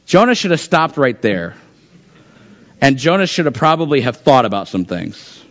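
A man's voice: mid-range voice, very animated, moderate pace. A pastor preaching a conversational sermon, acting out the voices from the text as he goes. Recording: dull lo-fi sound.

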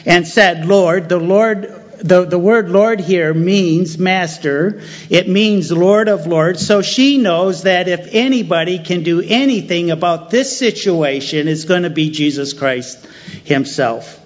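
A man preaching a sermon in a slow, unhurried delivery, his voice sitting a little high for a man. He leans on key phrases by repeating them. The recording sounds dull and lo-fi. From United States. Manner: deliberate, emphatic repetition of key phrases.

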